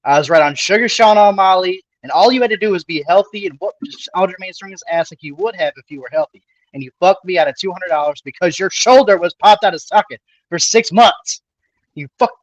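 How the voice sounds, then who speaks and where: A man's voice: high-pitched, fairly quick, no echo, lo-fi sound. Angry swearing man, sports podcast. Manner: angry, profane outbursts. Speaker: podcast co-host. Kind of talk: casual sports chat.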